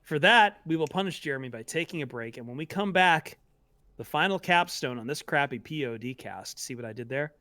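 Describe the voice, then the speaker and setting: A man hosting a sports podcast, joking in a wry, sarcastic, low-key way and throwing to a break. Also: lively intonation, fairly quick, bright, forceful tone, no room sound. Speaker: podcast host. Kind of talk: casual sports podcast chat.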